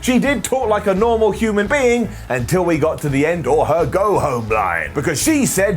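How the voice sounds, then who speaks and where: A man's voice: sits high, big pitch swings, normal speed, few pauses, soft background music. A man reviewing a wrestling show in a comedic, sarcastic recap monologue. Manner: sarcastic, jokey, mocking asides.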